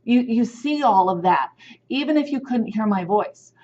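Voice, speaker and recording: A woman's voice: a little high, expressive, normal speed, dark tone, lo-fi sound. A woman sign language instructor giving a recorded lecture on grading criteria, explaining in a direct, firm teacherly way.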